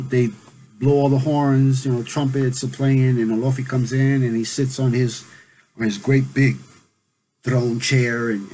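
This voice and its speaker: A man's voice: mid-range voice, mellow, a little hiss or hum, low-quality recording. A man casually retelling a legend aloud, in a conversational way with many fillers. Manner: conversational, full of "you know" fillers. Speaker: storyteller. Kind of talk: casual oral storytelling.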